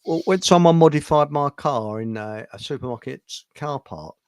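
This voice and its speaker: A middle-aged man chats loosely on a livestream, grumbling bluntly between quick asides. His voice sits a little high, and the sound is dry with no room echo. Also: expressive. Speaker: host. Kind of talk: casual livestream chat.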